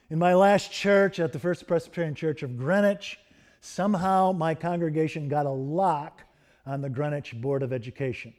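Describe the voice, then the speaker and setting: Pastor guy giving a sermon, kinda high voice, slows way down on the big lines. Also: a little mellow. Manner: storytelling, slows down to stress key phrases.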